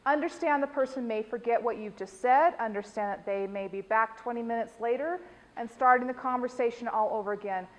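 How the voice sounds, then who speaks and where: A woman's voice: on the high side, fairly quick, long reverb tail, rough recording. An American woman leading a dementia care training class, explaining techniques and quizzing the group with questions.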